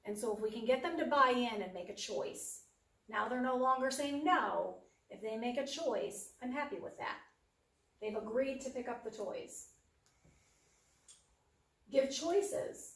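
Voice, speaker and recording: A woman's voice: a little high, expressive, measured pace. Woman presenting in an echoey room. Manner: practical, acts out parent and child lines. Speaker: workshop presenter. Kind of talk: parenting workshop talk. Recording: echoey room, speaker far from mic.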